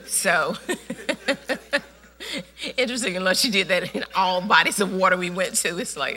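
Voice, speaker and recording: A woman's voice: medium pitch, measured pace. A woman pastor preaching a sermon, telling a story with lots of laughter and emphatic, repeated phrases. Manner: animated storytelling, laughs often.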